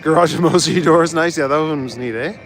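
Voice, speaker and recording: A man's voice: a little high, brisk, a bit bright, faint music behind. A young man in casual chat as a live streamer, walking outdoors through city streets and chuckling as he answers his chat. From Canada. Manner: laid-back, chuckles often, reads out chat.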